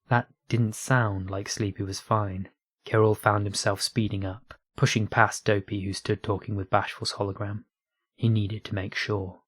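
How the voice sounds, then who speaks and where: A man reads a science fiction story in a low, husky voice that stays level and even. The sound is close and dry, with no room around it. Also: normal speed, no room sound. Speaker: narrator. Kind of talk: audiobook reading of online fiction.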